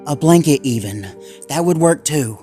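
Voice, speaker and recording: A man voicing a young female husky pup who talks in a worried, shivering way while reading a horror story aloud. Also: a little high, expressive, normal speed, dark tone, soft background music, voice pushed up, lightly acted.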